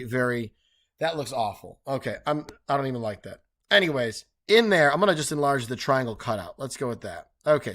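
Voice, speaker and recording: A man's voice: medium pitch, fairly bright tone. A male math teacher working through review problems aloud in an upbeat, chatty way with playful slang asides.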